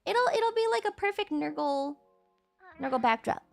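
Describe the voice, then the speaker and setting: A young woman streaming and chatting casually while crafting, animated and giggly, swearing casually. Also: high-pitched, normal speed, creaky, faint music behind. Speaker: VTuber streamer.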